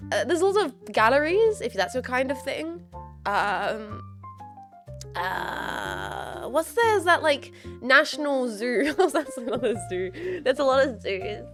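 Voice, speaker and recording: A woman streamer with a South Australian accent chats casually with her viewers, scatterbrained and quick to giggle, with the odd swear thrown in. Her voice sits a little high. Soft music plays faintly behind her. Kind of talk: casual livestream chat, answering viewers.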